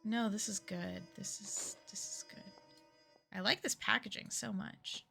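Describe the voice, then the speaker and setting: A woman's voice: mid-range voice, steady tone, moderate pace, vocal fry, sharp tone. A woman giving casual, jokey commentary while streaming a game, chatty with rambling asides. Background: game music.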